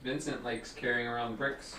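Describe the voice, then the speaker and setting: A man co-hosting a painting livestream, trading quick, teasing banter in casual chat. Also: medium pitch, level tone. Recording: roomy, distant mic, noisy ambience.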